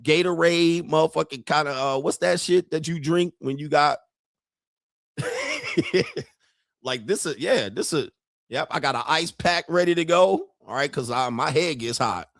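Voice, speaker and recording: A man hosting a commentary channel, telling jokey stories in a loud, profane, animated way. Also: fairly high pitch, a little slow, vocal fry, dry recording, studio quality. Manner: profane, joking, animated storytelling. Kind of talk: casual commentary.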